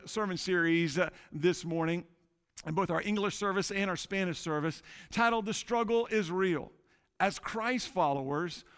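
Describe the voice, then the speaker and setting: A man's voice: high voice, fairly bright tone, clean tone. A man, a pastor, preaching a sermon with emphatic repetition and calling on the congregation to repeat after him.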